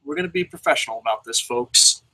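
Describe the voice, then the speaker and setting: A young man hosting a show, talking in a casual, sarcastic and excitable way with lots of swearing. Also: mid-range voice, fast talker, rough recording. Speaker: show host reviewing. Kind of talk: casual profane commentary.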